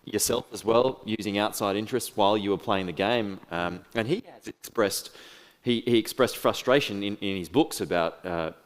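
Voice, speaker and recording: Male moderator, fairly low pitch; measured onstage interviewer framing questions for an audience. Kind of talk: moderated fireside chat.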